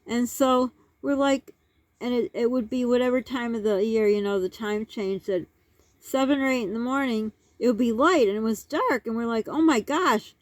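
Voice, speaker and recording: A woman's voice: fairly high pitch, normal speed, darkish tone, no room sound. A woman in her sixties telling a childhood story in a rambling vlog, with many asides and restarts. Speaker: vlogger.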